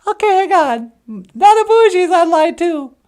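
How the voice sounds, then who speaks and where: A woman's voice: extremely high pitch, animated, measured pace, a little mellow. A woman co-hosting a comedy show, cheerful and laughing often. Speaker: co-host.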